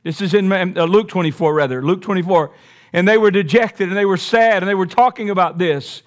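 Man preacher, fairly high voice, emphatic, folksy sermon with jokes. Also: brisk. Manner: emphatic, folksy, with joking asides.

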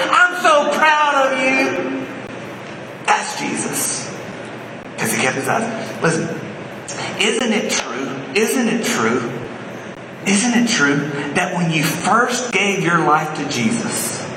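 High voiced pastor guy preaching, dramatic storytelling then hushed bits, faint hum behind, echoey church hall. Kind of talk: sermon. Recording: long reverb of a church hall.

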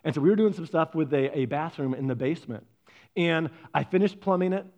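A man's voice: on the high side, brisk. A man preaching a sermon, telling personal stories and acting out his own reactions. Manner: animated storyteller, acts out his own reactions. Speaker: pastor.

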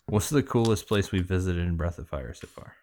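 A tipsy man co-hosting a casual podcast chat, scattered and halting, swearing freely as he tries to work through a list. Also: low-pitched, darkish tone. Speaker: podcast co-host.

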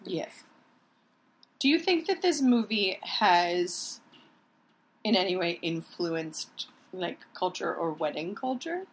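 A woman's voice: lowish voice, lively intonation, slow pace, low-quality recording. A woman from Michigan co-hosting a podcast in casual chat. She laughs a lot and acts out quoted lines. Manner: playful, laughs often, acts out quoted voices. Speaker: podcast co-host.

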